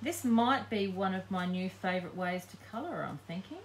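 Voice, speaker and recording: A woman's voice: medium pitch, animated, moderate pace, slight background noise. A woman giving a live painting tutorial, chatting casually and thinking aloud as she works. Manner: chatty, thinking aloud while working, frequent ums. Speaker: craft demonstrator.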